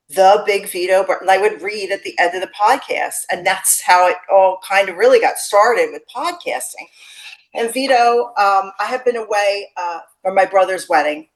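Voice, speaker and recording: A woman in her forties, a podcast guest chatting casually, telling her stories with lively acted-out quotes. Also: medium pitch, rough recording. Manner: animated storytelling, acts out quotes. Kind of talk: casual interview chat.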